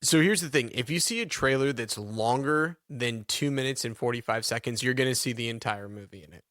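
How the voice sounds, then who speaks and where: A man's voice: medium pitch, brisk, no room sound, studio quality. A man co-hosting a movie review podcast, telling rambling made-up stories in casual chat. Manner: rambling, animated storytelling with laughs. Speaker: podcast co-host.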